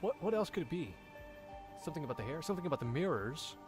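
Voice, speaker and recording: A man casually commenting while he plays, rambling, cursing and thinking out loud. His pitch jumps around a lot. Faint game music plays underneath. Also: big pitch swings, quick pace. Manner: swears, rambles, thinks aloud. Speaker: voice actor playing a game on stream. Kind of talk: casual let's-play commentary.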